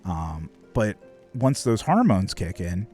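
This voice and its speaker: A male streamer tells a story in an animated voice that rises and falls a lot. He swears often and fills his speech with "like" and "um". Faint music plays underneath. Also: low-pitched, slow. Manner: swears a lot, rambling with many fillers. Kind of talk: casual chat on a live stream.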